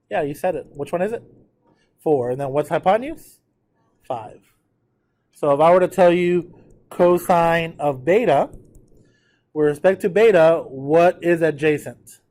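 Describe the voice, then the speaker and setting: A man's slightly high, slightly mellow voice leads a classroom lecture on trigonometry. As the math teacher, he checks in with students frequently and has the class repeat terms aloud to drill their pronunciation.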